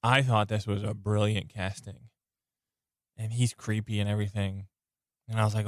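A man's voice: on the low side, flat delivery, moderate pace, pauses often, dry recording, clean studio sound. A man hosting a podcast while sick, his voice strained, rambling enthusiastically with a lozenge in his mouth. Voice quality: sounds like something in his mouth. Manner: rambling, enthusiastic, self-interrupting. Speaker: podcast host. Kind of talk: casual podcast chat. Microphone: close podcast mic.

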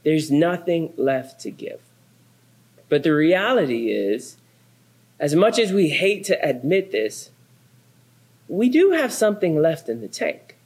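A man's voice: a little high, takes it slowly, pauses often. A pastor in his thirties giving a sermon, telling funny stories about his family and acting out their lines. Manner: animated storytelling, acts out quotes.

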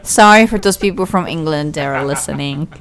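A woman's voice: sits low, a little fast, creaky. A woman, co-hosting a podcast in casual chat, talkative and self-deprecating, restarting her sentences often. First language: Italian. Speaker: podcast co-host.

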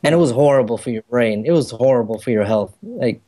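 A man from Germany co-hosting a podcast in casual chat, chatty and quick to laugh, sometimes putting on voices to make a point. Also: medium pitch, lively intonation, warm tone. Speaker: podcast co-host.

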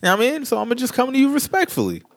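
A man's voice: very high-pitched, wildly swooping pitch, racing, no room sound, studio quality. A man co-hosting a podcast, giving wry, frank commentary in casual chat. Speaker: podcast co-host.

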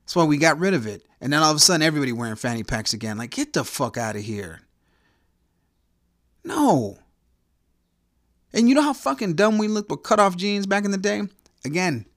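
A man's voice: a little high, no echo, studio quality. A man hosting a podcast, delivering a crude, angry ranting monologue full of swearing and heckling.

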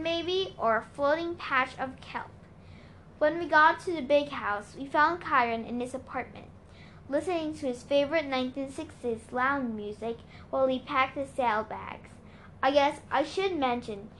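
A woman with a fairly high voice reads a novel aloud in a plain storytelling manner, now and then stumbling over a word. Her voice echoes around the room, and a faint hiss sits under it. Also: moderate pace, a bit bright. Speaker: reader.

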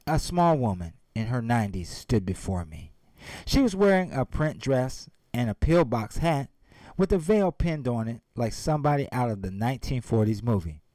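The voice is a man's, mid-range and a touch mellow, recorded without echo. Retelling a story in a motivational speech, he stays emphatic and talks directly to the people in front of him.

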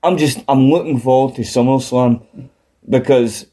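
A man's voice: medium pitch, normal speed. A man chatting casually on a wrestling podcast, swearing a lot and laughing often. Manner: profane, animated, laughs often. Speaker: podcast co-host.

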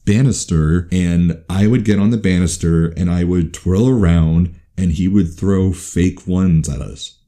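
A man co-hosting a casual comedy podcast, playful and teasing with quick quips. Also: low voice, warm tone. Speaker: podcast co-host.

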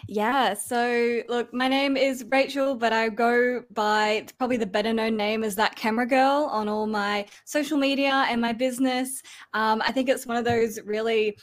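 A woman's voice: a little high, steady tone, moderate pace. A woman from Australia with an Australian accent, a guest explaining her video coaching business over a video call in a friendly, chatty way. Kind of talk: casual interview.

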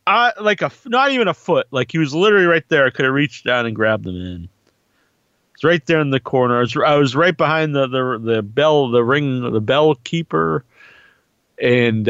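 Animated, rambling man with a high voice. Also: dry recording, muffled recording. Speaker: wrestling commentator. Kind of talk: casual monologue.

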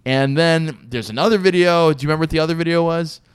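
Smooth-voiced man rambling on a podcast. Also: on the high side, fast talker, no room sound, clean studio sound. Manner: rambling, laughs often, sarcastic asides. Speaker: podcast co-host. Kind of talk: casual chat.

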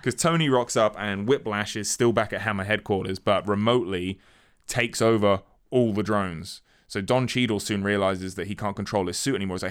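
Casual man with a smooth low voice. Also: fairly quick. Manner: animated retelling, acting out characters' lines. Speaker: podcast co-host recapping a film. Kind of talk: casual chat.

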